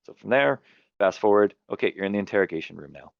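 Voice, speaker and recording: A man with a very low voice recaps his tabletop game in a relaxed, rambling way, stopping now and then to correct himself. The recording is dull and lo-fi, in a dry room with no echo. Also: fast, gravelly. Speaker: game master and podcast host. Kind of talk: casual chat about tabletop games.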